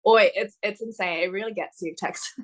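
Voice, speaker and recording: A woman's voice: mid-range voice, a little fast. A woman, a wrestler chatting as a podcast guest in a bubbly way and laughing often. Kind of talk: casual interview chat.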